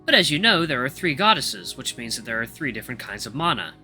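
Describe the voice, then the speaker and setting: A man's voice: medium pitch, fast talker, faint music behind. A man doing a cool, aloof young wolf grandmaster. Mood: lecturing. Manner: monotone, cool, lecturing.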